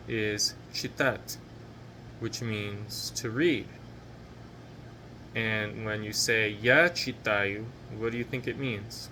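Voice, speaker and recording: A man teaching a language lesson, speaking slowly and patiently and repeating each phrase. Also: mid-range voice, pushed and bright, slight background noise. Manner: patient, slow drilled repetitions of each phrase; encouraging.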